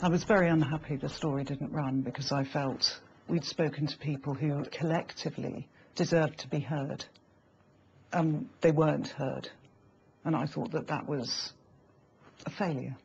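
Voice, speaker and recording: Brief: interviewee, gravelly voice, hesitant and reflective, light hiss behind. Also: medium pitch, fairly even intonation, moderate pace. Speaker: former programme journalist interviewed. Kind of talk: interview answers. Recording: slightly dull, faint background hiss.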